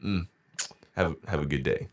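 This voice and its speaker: A man telling a comic childhood story in a lively, exaggerated way, sometimes wailing as if crying. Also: rumbling low, normal speed, heavy background noise. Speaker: storyteller in a comedy video. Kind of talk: animated comedic storytelling.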